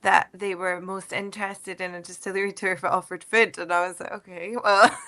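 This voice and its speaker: A woman's voice: lowish voice, level tone, a little fast, bright, forceful tone. A woman guest on a podcast talking about her business in a friendly, enthusiastic, casual way, often trailing off mid-sentence. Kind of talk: casual interview chat.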